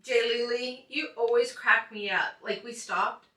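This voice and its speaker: A woman's voice: fairly high pitch, fairly even intonation, measured pace, pushed and bright, recorded from a distance. A woman hosting a casual online chat show, upbeat and chatty, laughing often. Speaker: show host. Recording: echoey room, a little off mic.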